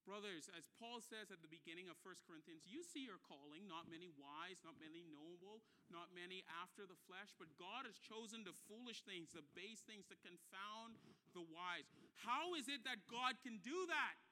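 A male pastor delivering a sermon in a high, very bright voice. He leans on repetition and chatty asides to his congregation. He swells from hushed, intimate moments into loud, impassioned preaching. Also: normal speed. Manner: repeats phrases for emphasis, conversational asides.

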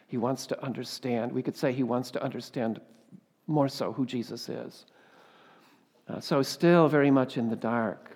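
A male pastor preaching a sermon, swinging between loud, fervent emphasis and quiet asides, often ending points with rhetorical questions. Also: mid-range voice, slightly rough, long reverb tail. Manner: rhetorical tag questions and repeated exclamations.

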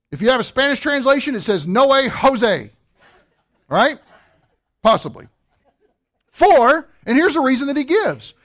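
Man, pastor, high-pitched voice, animated sermon, rhetorical questions, joking asides.

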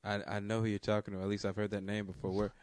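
A man co-hosting a casual chat, joking around with quick short reactions and casual swearing. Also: fairly low pitch, completely flat delivery, a little mellow, no room sound. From New Orleans area. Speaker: podcast co-host.

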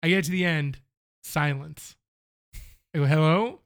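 A man telling a story in casual chat, animated, acting out both sides of phone calls. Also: a little high, unhurried, smooth.

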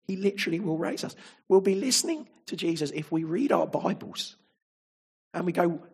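Man preaching, husky and a little high, leans on tag questions. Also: lively intonation, normal speed. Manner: emphatic, with frequent rhetorical tag questions. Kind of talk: sermon.

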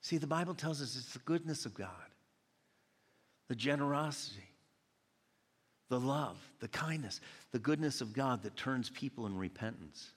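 Guy from georgia preaching, lively storytelling, big echoey church hall. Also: medium pitch, normal speed, pauses often, breathy edge. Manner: animated storytelling with voiced quotes. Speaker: pastor. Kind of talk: sermon. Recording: long hall reverb.

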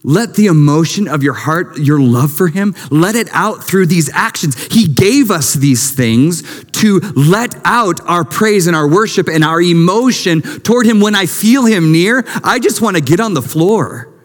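A middle-aged man preaching a sermon as pastor, impassioned, moving between hushed and lifted delivery. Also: high-pitched, expressive, measured pace, hardly any pauses. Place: church sanctuary. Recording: long reverb of a large hall.

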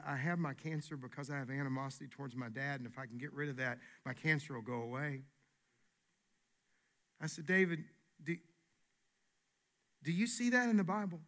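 A male pastor delivers a sermon with animated emphasis and frequent repeated restarts. His voice sits slightly high and sounds bright and forceful.

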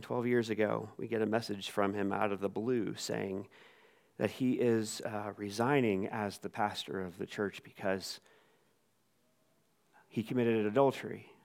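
A man preaching a sermon in a casual, conversational way. He acts out the quoted lines with lively voices. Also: lowish voice, creaky. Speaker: pastor.

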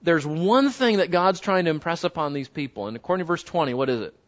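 A man teaching a Bible study to a live group, talking conversationally, often putting questions to the class and slowing down to read scripture aloud. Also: a little high, expressive. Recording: dull lo-fi recording.

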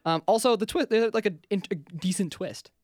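A man's voice: sits high, fairly quick, no echo, clean studio sound. A man co-hosting a casual chat about films, blunt and opinionated, telling stories animatedly with lots of fillers. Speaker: podcast co-host.

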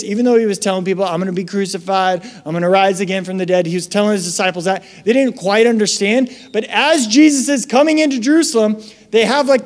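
Young male preacher, casual and animated, high voice, long hall reverb. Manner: animated, conversational, acts out quotes in raised voices. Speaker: pastor. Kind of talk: casual sermon.

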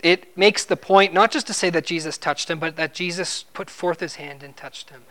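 A man's voice: high-pitched, normal speed, pushed and bright. A man preaching an expository sermon in a conversational way, asking his listeners questions and repeating words when he stresses a point.

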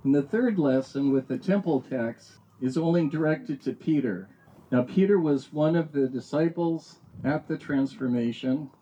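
Here a man with a fairly high but dark-toned voice reads Bible verses and explains them at a moderate pace, asking rhetorical questions along the way. The highs are cut off and there's a little hiss or hum.

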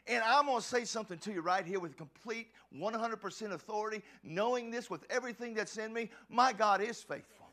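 A man preaching a passionate sermon as a pastor, often shouting and stumbling over restarts. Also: high-pitched, a little fast, hardly any pauses.

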